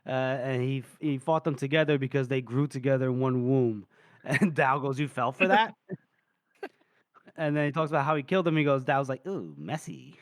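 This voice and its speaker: A man's voice: mid-range voice, steady tone, moderate pace, no room sound, clean studio sound. A man co-hosting a podcast in casual chat, animatedly retelling a book scene, acting out lines, laughing and swearing. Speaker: podcast co-host.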